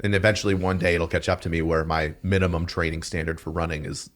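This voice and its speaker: A man telling stories on a podcast as a guest, animated and profane, with loud outbursts when he quotes other people. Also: deep voice, fast talker. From New York. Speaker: podcast guest, police detective and drill sergeant. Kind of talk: casual storytelling.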